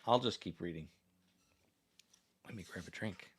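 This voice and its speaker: An American man with a deep, slightly rough voice hosts a casual livestream at normal speed through a desk microphone. He rambles as he reads viewer comments and poses questions to his audience.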